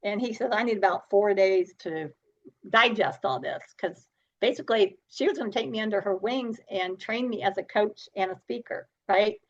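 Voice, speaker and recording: Middle-aged woman guest, storyteller who acts out dialogue, mid pitch, muffled recording. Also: moderate pace. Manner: animated, acts out dialogue, laughs often. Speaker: podcast guest. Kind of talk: storytelling interview.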